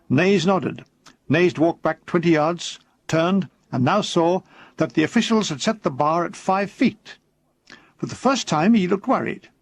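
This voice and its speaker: Reading his own comic war memoir aloud as an audiobook, a man uses a dry, deadpan delivery, breaking into quick put-on voices for the people in the story. His voice sits high and is creaky.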